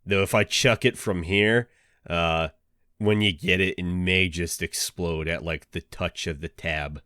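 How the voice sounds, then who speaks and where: A man's voice: low-pitched, fairly even intonation, unhurried, bright, forceful tone, no room sound, studio quality. A man co-hosting a podcast, joking around in a laid-back way. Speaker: podcast co-host and streamer. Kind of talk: casual banter.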